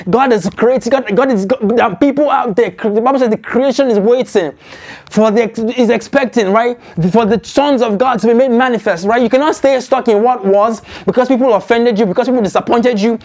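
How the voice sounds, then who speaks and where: A man preaching from the pulpit in a high voice. He drives his points home with repeated phrases, calls on the congregation to respond, and keeps checking that they are following along. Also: a little mellow. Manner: repetitive, exhorting, asks congregation to follow along. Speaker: pastor. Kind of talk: sermon.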